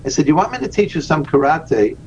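An earnest man tells his story as a podcast guest, leaning on key words and slowing down to stress them. His voice comes over a dull, lo-fi remote line with a faint hiss underneath. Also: on the high side, sing-song. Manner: earnest, slows down for emphasis. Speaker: guest, rabbi and charity founder.

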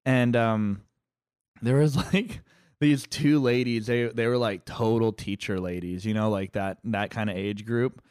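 A man co-hosting a casual podcast, rambling in a relaxed way and swearing casually. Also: lowish voice, unhurried, clean tone, dry recording, studio quality. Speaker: podcast co-host. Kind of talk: casual chat.

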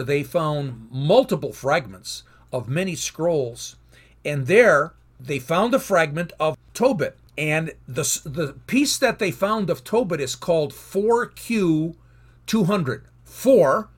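A man's voice: a little high, husky. A man teaching from the Bible in an earnest sermon, reading verses aloud with rising emphasis.

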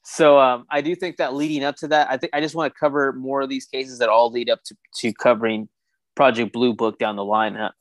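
A man with a medium-pitched voice chats casually as a podcast co-host. He keeps things playful and joking, pausing now and then to find his words. The sound is dry and close. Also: fairly even intonation, no room sound. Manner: joking, playful, slightly hesitant. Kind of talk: casual chat.

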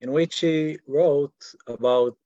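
Halting Israeli man teaching online. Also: on the high side, mellow, no echo, highs cut off. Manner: halting, repeats words while searching for English. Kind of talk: online class lecture. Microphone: video call.

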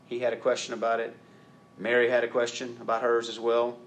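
A man preaching a sermon in an animated way, acting out quoted voices and rising to loud emphatic peaks. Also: mid-range voice, a little fast. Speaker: pastor.

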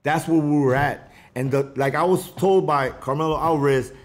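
A middle-aged man with a fairly high voice, talking in a loose, rambling street interview. He is animated and jumps from one thought to the next, tossing in rhymes and Spanish asides. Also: moderate pace. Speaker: interview guest.

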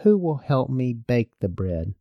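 A man's voice: medium pitch, big pitch swings, a little slow, gravelly, highs cut off, noisy background. A man voicing a hardworking little red hen in a storybook read-aloud. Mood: plucky.

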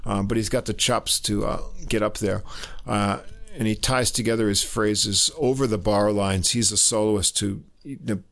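A man giving a casual spoken review of a jazz album, halting with many fillers and little chuckles. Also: on the low side, steady tone, creaky, fairly bright tone.

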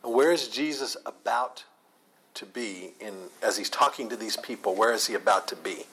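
A man teaching an informal Bible study. He is animated, often repeats and restarts words, and laughs a lot. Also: on the low side, moderate pace, husky, rough recording.

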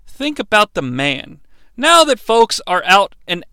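A man hosting a comedic podcast, talking in an animated, jokey, mock-dramatic way. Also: high-pitched, measured pace, vocal fry, smooth, no room sound, clean studio sound. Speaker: podcast host. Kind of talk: comedic wrestling podcast monologue.

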